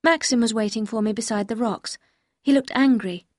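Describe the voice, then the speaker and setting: A woman's voice: on the high side, a little mellow, dry recording. Woman reading a story, dry close sound. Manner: clear, measured reading. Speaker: audiobook reader. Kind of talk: scripted storybook narration.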